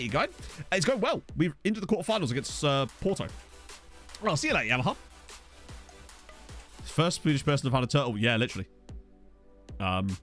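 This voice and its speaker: A man with a medium-pitched voice streams a football management game, rambling and riffing with his chat between excitable outbursts.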